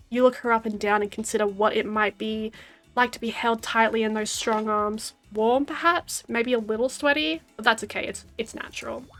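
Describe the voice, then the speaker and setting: Young Australian woman streamer, high and playful, reading game text with wry jokes, faint music behind. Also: fairly bright tone. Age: 20s. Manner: giggly, wry asides while reading aloud.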